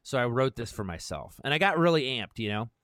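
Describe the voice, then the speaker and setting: A man's voice: medium pitch, very animated, fairly quick, a bit bright, no room sound. Earnest rambling man, dry close mic. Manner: earnest, rambling, gets fired up when reading. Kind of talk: casual chat, reading a personal manifesto aloud.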